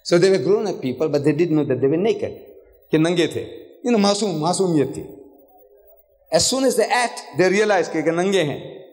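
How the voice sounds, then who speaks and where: A man's voice: sits high, moderate pace. An older man giving a public lecture on religion, telling stories with rhetorical questions and acting out the voices in quoted dialogue. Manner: animated storytelling with rhetorical questions. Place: hotel lecture hall. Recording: echoey hall reverb.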